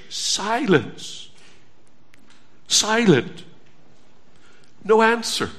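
A man preaching a sermon as pastor, earnest and pleading, moving between hushed stillness and urgent appeals. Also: high voice, unhurried.

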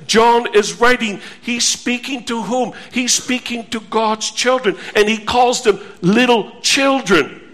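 A man preaching a sermon to a congregation, slow and emphatic, stressing his points through repetition. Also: sits high, a bit bright. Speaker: pastor.

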